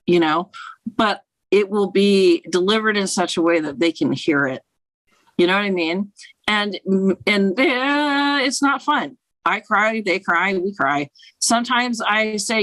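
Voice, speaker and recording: A woman's voice: medium pitch, moderate pace, a bit bright, dry recording, rough recording. A woman who reads tarot for a living talks frankly in a casual interview and swears freely. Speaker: tarot reader and author. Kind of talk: casual conversation, interview guest.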